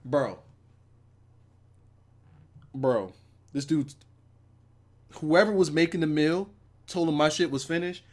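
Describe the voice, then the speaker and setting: A man's voice: fairly high pitch, slow, pauses often. A man hosting a live stream who reviews wrestling shows and tells a rambling, profane story, talking casually with his chat.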